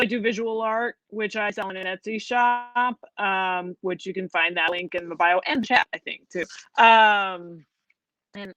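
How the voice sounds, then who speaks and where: A woman's voice: medium pitch, fairly bright tone, no echo, rough recording. A friendly woman co-host rambles through her introductions with plenty of ums. Her voice sounds dry and close over a video call. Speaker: co-host of a poetry live stream. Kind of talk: casual chat.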